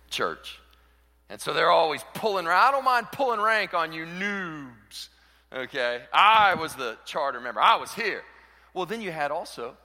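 Pastor guy preaching, bright lively voice that jumps all over, booming hall echo. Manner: animated, acts out quoted voices, swings from soft to shouting. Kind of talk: sermon. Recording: hall reverb.

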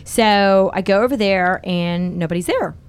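A middle-aged woman hosting a podcast, telling a candid, profane dating story in animated casual chat. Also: mid-range voice, unhurried, clean tone. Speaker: podcast host.

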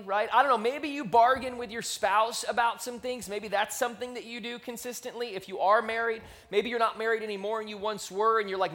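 High-voiced man preaching conversationally. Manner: conversational, animated storytelling with quick rises in volume. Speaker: pastor. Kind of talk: sermon. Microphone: handheld microphone.

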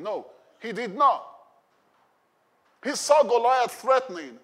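A man's voice: very high voice, animated, takes it slowly, long pauses. A male pastor preaching a sermon in a conversational way, often asking the congregation questions.

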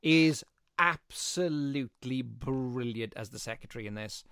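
A man's voice: medium pitch, unhurried, fairly bright tone, clean tone, dry recording, clean studio sound. Enthusiastic male podcast host. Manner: enthusiastic, rambling with restarts. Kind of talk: casual film chat.

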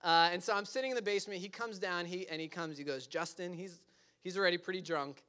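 A man's voice: sits high, fast talker, bright, forceful tone, clear, resonant tone. A young man animatedly telling a personal story, with frequent fillers and bursts of laughter.

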